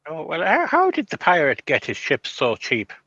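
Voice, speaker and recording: A man's voice: a little high, huge pitch swings, normal speed, bright, forceful tone, husky, dry recording, lo-fi sound. A man playing in a tabletop game, trading puns in character over a remote call. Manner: dry, joke-telling, punning. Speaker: player.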